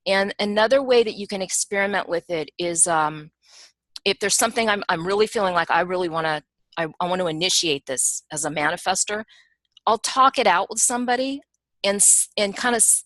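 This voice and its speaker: Woman, webinar teacher, punchy emphatic delivery, chatty and animated, dry close sound. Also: medium pitch, a little fast, no room sound. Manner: chatty and animated, addressing listeners as "you guys". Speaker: teacher and professional analyst.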